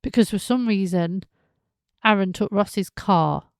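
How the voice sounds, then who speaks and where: Female podcast host, casual soap recap, animated, slips into characters' voices; slight fry, dry close mic. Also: medium pitch, unhurried, no room sound. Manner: chatty, animated, acts out characters' lines.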